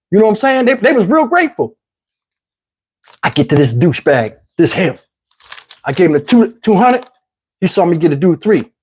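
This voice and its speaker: Animated, husky man from New Jersey. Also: sits high, a little fast. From Camden, New Jersey. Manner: profane, animated, lots of asides. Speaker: channel host. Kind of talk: comedic storytelling. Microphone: lapel mic.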